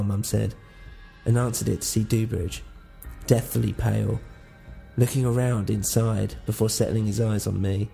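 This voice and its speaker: A man narrating a first-person audio drama in a hushed, uneasy tone. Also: on the low side, level tone, moderate pace, vocal fry, soft background music.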